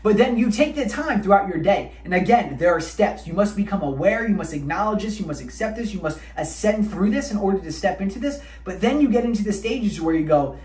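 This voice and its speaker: A man's voice: high-pitched, animated, fairly quick, hardly any pauses, darkish tone, distant mic. A man giving a motivational self-help talk to camera, emphatic and repetitive, with blunt profanity. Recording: roomy sound, speaker away from the mic.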